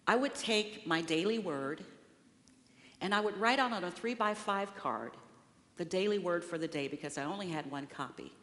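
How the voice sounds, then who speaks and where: A woman in her sixties giving a sermon as guest speaker in a church sanctuary, telling a personal story in an expressive storytelling way. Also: fairly low pitch, normal speed. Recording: long reverberant hall.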